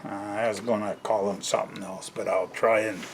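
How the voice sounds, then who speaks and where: A man's voice: on the low side, flat delivery, brisk, slight background noise. An older Canadian man talking in a casual, rambling vlog monologue, chuckling often and tagging his sentences with "eh?". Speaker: vlogger.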